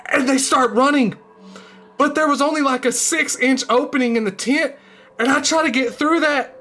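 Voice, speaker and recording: A young man telling a personal story in casual speech, laughing through parts and dropping to a hush in tense moments. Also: very high-pitched, normal speed. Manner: laughs through the story, swings from excited to hushed.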